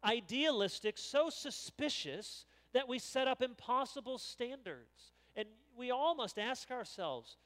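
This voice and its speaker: Man, pastor, sermon, high voice, smooth resonant tone, animated, echoing church hall. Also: a little slow, hardly any pauses. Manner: animated, acts out quoted voices. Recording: long reverb of a large hall.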